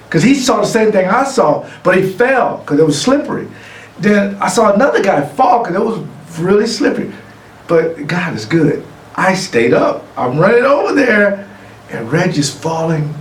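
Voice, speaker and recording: Middle-aged man, acceptance speech, gravelly, fairly high voice, distant mic, echoey room. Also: slight background noise. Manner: lively anecdote-telling, acting out other voices. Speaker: award honoree. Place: room, recorded for a virtual gala.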